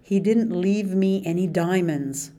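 A woman reading an audiobook, voicing a furious, scornful teenage girl in a sharp, raised voice. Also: on the low side, a little slow, close to an everyday voice.

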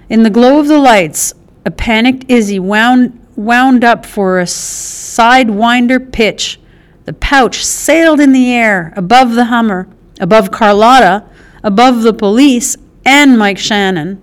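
A woman narrating an audiobook in a measured, expressive way. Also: on the high side, smooth. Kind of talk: scripted narration.

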